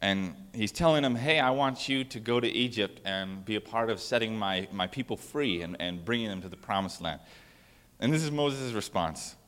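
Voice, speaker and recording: A man's voice: lowish voice, moderate pace, a bit bright, long reverb tail. A man preaching a casual sermon as pastor, talking conversationally with restarts and fillers.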